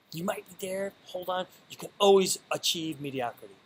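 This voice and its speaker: A man's voice: high voice, a little fast, husky, low-quality recording. A man talking straight to camera in a motivational vlog, earnest and stumbling, often repeating and restarting his words. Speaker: vlogger. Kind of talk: motivational monologue.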